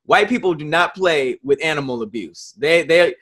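A man co-hosting a podcast, talking in a quick, joking, conversational way. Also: fairly high pitch, expressive, fairly bright tone. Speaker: podcast co-host. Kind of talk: casual chat.

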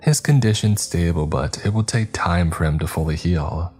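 Guy doing a cool bossy lady running a secret facility, smooth and probing, horror story read. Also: low voice, moderate pace, a little mellow, faint music behind. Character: cold composed female facility boss.

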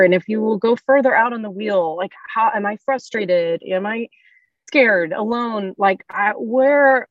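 A woman's voice: medium pitch, dry recording. Affirming woman interviewer, dull lo-fi sound. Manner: warm affirming backchannel, reflective. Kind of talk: casual conversational interview. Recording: slightly dull dry sound.

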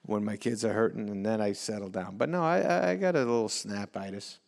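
A middle-aged man chats loosely as an interview guest, laughing a lot and repeating himself as he goes. His voice is low and gravelly. A long hall reverb trails behind him. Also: a little mellow. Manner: laid-back, laughs often, repeats words, slips into quick impressions. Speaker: actor and comedian guest. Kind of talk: casual interview chat.

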